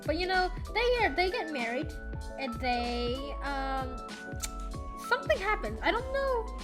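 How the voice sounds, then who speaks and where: Rambling, animated young-sounding woman storyteller. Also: high-pitched, a little slow, over music. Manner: rambling, self-correcting, easily sidetracked. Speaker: storyteller and artist. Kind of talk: rambling storytime while drawing.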